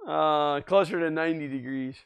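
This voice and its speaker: A man with a fairly high, smooth, resonant voice hosts a relaxed livestream. He chats loosely and rambles, stopping often to respond to viewers in the chat. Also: moderate pace. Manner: rambling, chatty, answers viewer comments. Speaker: livestream host.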